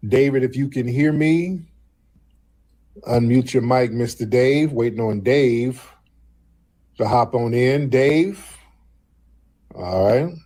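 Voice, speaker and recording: A man hosts a live call-in stream, coaxing callers onto the line and poking fun at an angry one. His voice is husky and sits at a middle pitch. He repeats himself a lot while he waits for callers to join. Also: slow pace, pauses often, mellow. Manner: mocking, repeats prompts. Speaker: host.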